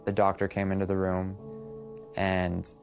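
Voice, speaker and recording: A young man recalling events in a documentary interview, halting and soft-spoken. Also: sits low, completely flat delivery, gravelly, soft background music.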